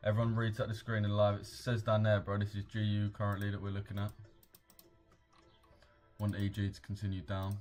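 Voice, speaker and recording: A young British man hosts a live trading stream, chatting in a laid-back, slangy way and reading out viewer comments, with soft music in the background. His voice is on the low side, monotone, and a little mellow, brisk yet marked by long pauses.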